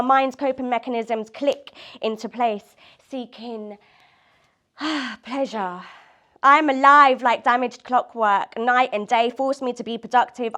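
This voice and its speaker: A woman's voice: high voice, a bit bright. A woman poet chatting loosely and laughing often, then reading her own poems at a live event. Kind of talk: poetry reading and casual chat.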